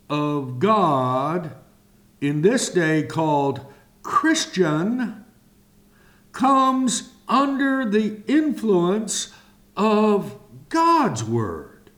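A man teaching a sermon-style Bible lesson, speaking in slow, deliberate phrases with long pauses. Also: high-pitched, sing-song, a bit bright.

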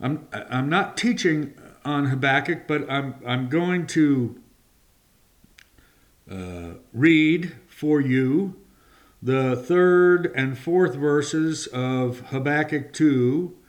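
Male preacher, sermon delivery, unhurried and deliberate, voice on the higher side. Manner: slow, deliberate, stretching key words of scripture.

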